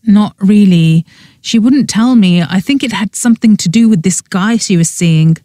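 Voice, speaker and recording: A woman's voice: medium pitch, moderate pace, mellow, no echo, studio quality, lightly acted. A woman reading the lines of a miserable, angry young man in an audiobook, sullen and bitter.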